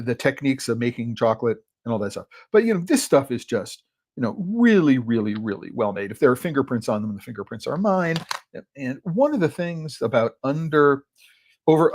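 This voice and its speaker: Male podcast critic, mid pitch, loose filler-heavy delivery, talking from his office desk. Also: a little mellow. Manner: rambling, filler-heavy, thinks aloud. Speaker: chocolate critic and podcast host. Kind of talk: solo podcast tasting talk.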